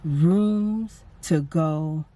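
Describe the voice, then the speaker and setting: A woman's voice: low-pitched, very slow, mellow, rough recording. A woman vlogger venting from her parked car, upset and emphatic. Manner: upset, emphatic, repeats herself. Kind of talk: casual vlog rant.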